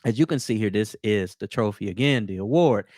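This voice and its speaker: A man's voice: on the low side, brisk, no room sound, studio quality. A man with a Southern US accent hosting a crypto news show, chatting casually to viewers while showing photos. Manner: animated, chatty, addresses viewers as guys. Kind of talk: casual commentary over on-screen photos.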